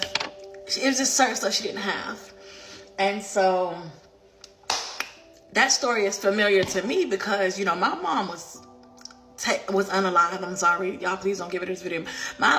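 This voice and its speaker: A woman and life coach sharing a personal faith testimony, speaking in an animated, conversational way and near tears at times. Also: fairly low pitch.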